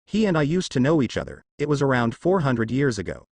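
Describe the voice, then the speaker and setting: A bitter, guarded young man from a fan story, spoken by a man in his ordinary voice. The delivery is even, with an animated pitch line, and the recording is dry. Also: brisk, no room sound.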